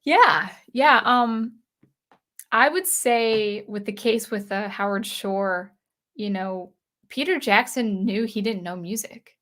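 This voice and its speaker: A woman's voice: mid-range voice, takes it slowly, fairly bright tone. A woman hosting a casual livestream for a music channel, reading viewer comments and rambling with frequent restarts.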